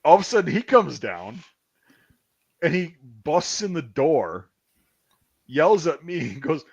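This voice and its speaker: A man's voice: a little high, very animated, a little slow, creaky, long pauses, slightly rough, muffled recording. A man in his thirties hosting a casual chat, telling stories with a rambling, profane manner. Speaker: podcast host.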